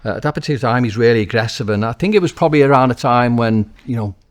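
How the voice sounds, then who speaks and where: A man with a Liverpool accent, a former footballer and now a manager, telling animated, swear-laced stories as an interview guest, with many restarts. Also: medium pitch, rapid-fire. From Liverpool, England. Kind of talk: casual interview anecdotes.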